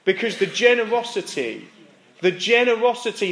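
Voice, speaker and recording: A man's voice: on the high side, normal speed, a bit bright. British male preacher, echoey church. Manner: conversational preaching with asides and self-mocking laughs. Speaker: pastor. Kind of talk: sermon.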